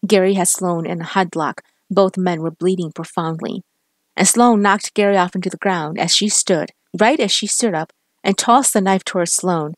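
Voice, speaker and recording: Woman reading a crime story, low voice, close dry recording. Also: no room sound. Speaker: story narrator.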